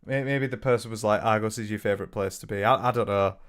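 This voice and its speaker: A man's voice: on the low side, fast talker, fairly bright tone, clean tone. A British man reacting to a video in a mocking, sarcastic commentary full of swearing. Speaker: commentary streamer.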